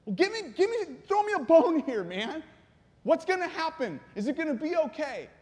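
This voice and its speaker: A man voicing an anguished, blinded young man who pleads with God in a strained, high voice. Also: sing-song, normal speed, darkish tone. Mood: pleading. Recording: long reverb in a hall.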